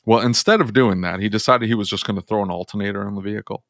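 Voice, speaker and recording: Auto shop owner, male, lowish voice, animated storyteller who voices his customers, dry close sound. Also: racing, no echo. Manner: animated, acts out both sides of phone calls. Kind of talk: podcast storytelling.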